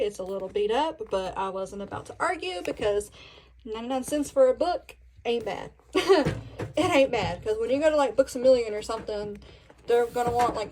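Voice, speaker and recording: A woman's voice: on the high side, a little hiss or hum, poor audio. Chatty Southern woman touring her bookshelf. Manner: chatty, self-deprecating, giggly asides to viewers. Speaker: book vlogger. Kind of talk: casual bookshelf tour. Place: bedroom at home. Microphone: phone camera.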